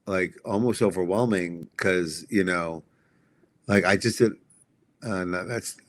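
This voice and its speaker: A man's voice: sits low, unhurried. A man in his fifties as a podcast guest, talking casually and reflectively, often restarting his sentences. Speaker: guest comic writer.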